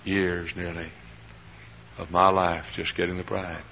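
A man's voice: deep voice, level tone, measured pace, big-room sound, slight background noise. An older man preaching a sermon with fervor, often repeating his phrases. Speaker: pastor. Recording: dull lo-fi sermon recording.

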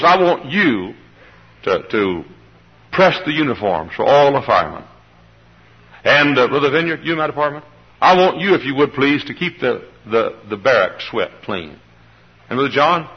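A man's voice: medium pitch, breathy edge, muffled recording. A man preaching a sermon to a church congregation, directing members by name and calling for responses. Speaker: pastor. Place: church service.

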